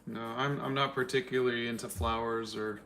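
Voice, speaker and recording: A man in his fifties hosting a drawing livestream, relaxed and joking as he thinks aloud. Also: mid-range voice, brisk, slight background noise. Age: 50s. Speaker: artist and livestream host. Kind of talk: casual livestream chat while drawing.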